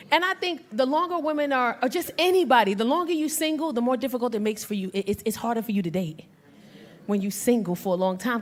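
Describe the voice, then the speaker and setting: A woman, animated, swinging from hushed asides to loud punchlines. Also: a little high. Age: 40s. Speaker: stand-up comedian. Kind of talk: stand-up storytelling.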